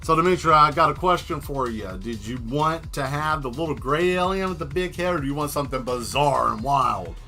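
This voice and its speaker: Bright-voiced joking man streaming live. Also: a little high, a little fast, hardly any pauses, soft background music. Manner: joking, rambling, talks straight to viewers. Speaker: livestream host painting and answering chat. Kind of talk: casual livestream chat while drawing.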